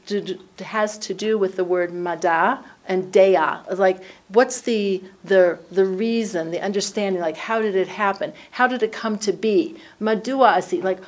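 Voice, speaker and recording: Woman leading a Torah class, chatty and animated, acting out the verses in an even middle register. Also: medium pitch. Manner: lively, acts out the dialogue in the text. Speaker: Torah study teacher. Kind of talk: conversational Bible class teaching.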